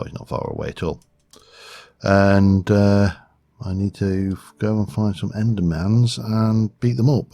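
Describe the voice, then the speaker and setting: A man's voice: low-pitched, mellow, no room sound. A man giving rambling, self-deprecating casual commentary over a game. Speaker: gaming video host.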